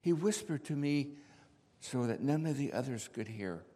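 A man's voice: mid-range voice, lively intonation, moderate pace, natural voice. A man acting as the apostle Peter, telling his story in a heartfelt first-person monologue. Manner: heartfelt storytelling, rising to shouts. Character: the apostle Peter, impulsive and earnest. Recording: long hall reverb.

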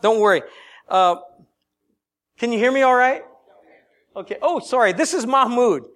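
Brief: very high-pitched male preacher, lively and chatty, leads call-and-response. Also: normal speed. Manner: animated, laughing, calls for congregation responses. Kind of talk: sermon.

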